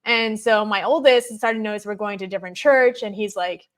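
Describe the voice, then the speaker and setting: A woman in her thirties, a podcast guest, telling her story in an animated way and acting out her children's words. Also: mid-range voice, a little fast. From United States. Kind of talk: personal testimony in a podcast interview.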